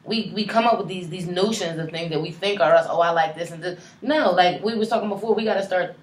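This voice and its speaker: Fast-talking woman in an echoey room. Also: on the low side. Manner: animated, emphatic, swears freely. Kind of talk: casual chat. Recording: echoey room with faint noise.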